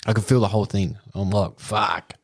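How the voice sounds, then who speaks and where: A man's voice: fairly low pitch, flat delivery, fast, warm tone. An Australian man, a podcast co-host, telling a crude story in casual chat and laughing through it.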